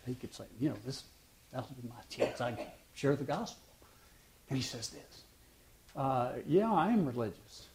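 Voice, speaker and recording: Mellow-voiced male preacher telling stories. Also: medium pitch, gravelly. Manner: storytelling, acts out dialogue with halting restarts. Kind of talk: sermon.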